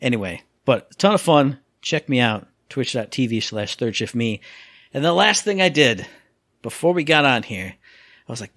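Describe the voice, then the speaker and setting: A man co-hosting a casual gaming podcast, telling stories with lively acted-out quotes and sound effects. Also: mid-range voice, moderate pace, dry recording. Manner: animated storyteller, acts out quotes and sound effects. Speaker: podcast co-host.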